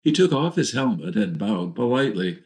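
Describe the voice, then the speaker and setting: A man with a lowish voice reads a crime novel aloud. His narration is steady and measured. He delivers it as scripted audiobook reading.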